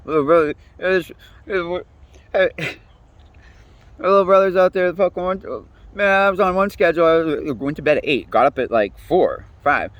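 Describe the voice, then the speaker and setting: A man's voice: fairly high pitch, moderate pace, dry recording, dull audio. A man, ranting casually, rambling and swearing often. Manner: profane, rambling, animated, laughs often. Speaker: interviewee. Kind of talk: casual rant.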